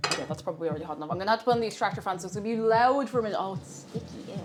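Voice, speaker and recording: A woman's voice: mid-range voice, rapid-fire, hardly any pauses. Woman streamer, chatty and playful, cooking live, music and sizzling pan behind. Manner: chatty, playful, repeats words for fun. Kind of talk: casual chat while cooking on a live stream. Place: home kitchen. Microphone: desk microphone. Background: background music and frying sizzle.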